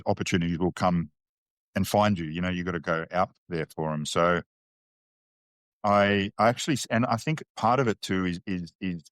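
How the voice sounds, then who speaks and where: A man's voice: low voice, dry recording. A man with an Australian accent, a podcast guest telling candid, slangy stories with frequent restarts. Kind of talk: casual interview chat.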